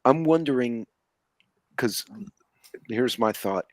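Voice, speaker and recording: A man's voice: mid-range voice, expressive, slow pace, no room sound. A man in a casual chat, telling stories with a wry, dry humor. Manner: wry, storytelling.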